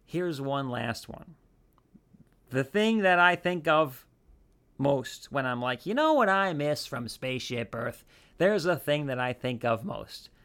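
Male podcast host, mid pitch, loose chatty delivery that stumbles and restarts. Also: expressive, takes it slowly, a bit bright, clear, resonant tone. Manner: rambling, full of restarts and asides. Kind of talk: casual podcast chat.

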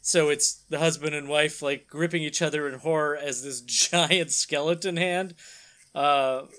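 A man's voice: a little high, fairly even intonation, a little slow, a bit bright. A man hosting and narrating a vintage horror comic aloud, with chatty, chuckling asides. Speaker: host and narrator.

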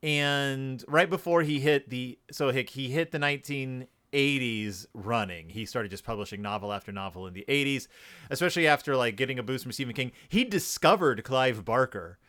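A man co-hosting a casual podcast about a book, talking in an animated, joking way and putting on quick voices for quotes. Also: medium pitch, smooth. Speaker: podcast co-host.

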